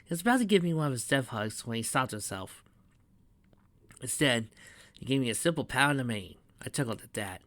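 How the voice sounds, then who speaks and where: Guy reading his fan story out loud, bright voice, steady pace. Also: mid-range voice, a little fast, no echo. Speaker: narrator.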